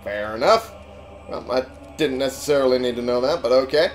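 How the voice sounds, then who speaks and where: A man's voice: medium pitch, fairly quick, slight background noise. A man giving casual let's play commentary, sarcastic and swearing as he talks back to game characters. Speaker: gamer playing on a channel.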